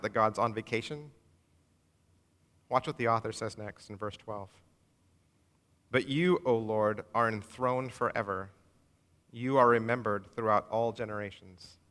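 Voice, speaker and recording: A pastor who moved to Texas from elsewhere preaches a sermon in a church sanctuary, conversational and funny, acting out small everyday exchanges. His mid-range voice has a sharp tone, and the recording carries long church-hall reverb.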